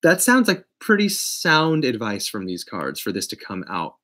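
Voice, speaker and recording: A man giving a casual tarot reading, talking emphatically and playfully, swinging between loud bursts and quiet asides. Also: medium pitch, wildly swooping pitch, normal speed. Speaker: tarot reader.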